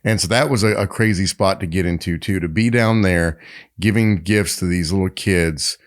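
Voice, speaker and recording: A man's voice: deep voice, normal speed. A man co-hosting a podcast, telling stories in casual chat with many fillers and restarts. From Tennessee, United States. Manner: animated storyteller, frequent fillers and restarts. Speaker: podcast co-host.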